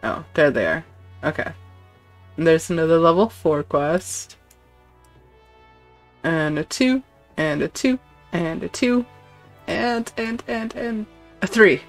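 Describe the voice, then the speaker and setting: A playful woman streamer chatting through a game, giggly and unhurried, with a slightly low voice. Faint game music plays behind her. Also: lively intonation. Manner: playful and giggly, reads game text aloud. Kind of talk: casual gameplay commentary.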